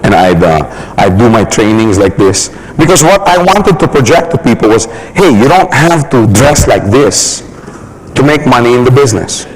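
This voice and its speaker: A man giving a motivational business talk, laughing often and acting out quick examples in funny voices. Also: medium pitch, sing-song, slight background noise, poor audio. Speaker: business trainer.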